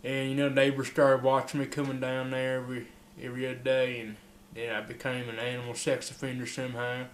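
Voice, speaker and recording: A man's voice: mid-range voice, monotone, fairly quick, few pauses. A man drawls through an improvised comic monologue, full of fillers and small laughs. His voice sits in the middle range. The room around him is echoey, with a faint hum of ambience. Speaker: mock interviewee.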